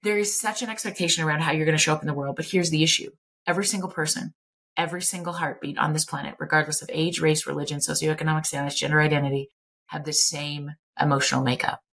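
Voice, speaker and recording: A woman's voice: deep voice, steady tone, fast, creaky, a bit bright. A middle-aged woman, a clinical psychologist talking candidly as an interview guest, emphatic and blunt, swearing casually.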